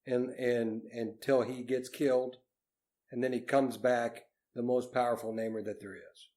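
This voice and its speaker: A man's voice: mid-range voice, little pitch movement, a little slow, dark tone. A man co-hosting a podcast, thinking aloud through speculation, hedging and restating his points. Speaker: podcast co-host. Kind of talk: casual book discussion.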